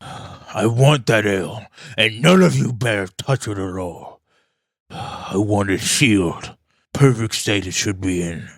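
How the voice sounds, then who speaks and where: A man's voice: lowish voice, slow, no echo, clean studio sound, heavily acted. A man voicing a grumpy, impatient dwarf king who is very fat. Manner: gruff, impatient.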